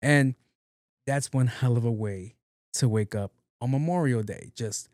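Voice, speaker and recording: A man's voice: mid-range voice, measured pace, a little mellow, no room sound, clean studio sound. A man hosting his own podcast in a casual, rambling, profane monologue, often repeating words playfully. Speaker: podcast host.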